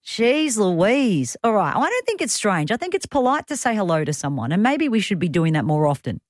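A woman's voice: medium pitch, sing-song, no echo, studio quality. Chatty Australian woman radio host. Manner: chatty, teasing, quick to joke. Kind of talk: casual talkback radio chat. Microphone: studio microphone.

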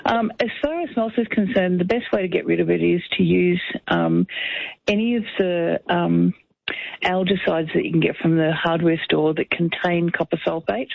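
A woman's voice: fairly low pitch, lively intonation, moderate pace, creaky, no echo. A woman, a household cleaning expert, giving matter-of-fact practical advice on radio. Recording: tinny phone-like radio sound.

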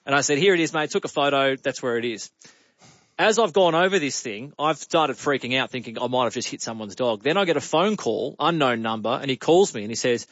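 An Australian man co-hosting a radio show in casual chat, an animated storyteller who is quick to defend himself. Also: mid-range voice, dry recording, dull audio. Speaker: radio co-host.

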